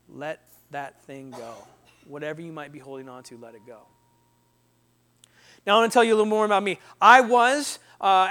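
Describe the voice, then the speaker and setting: A young man giving a lively motivational talk to an audience, acting out little scenes and voices as he tells stories. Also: sits high, a little hiss or hum. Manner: animated, acts out voices and sound effects. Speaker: speaker.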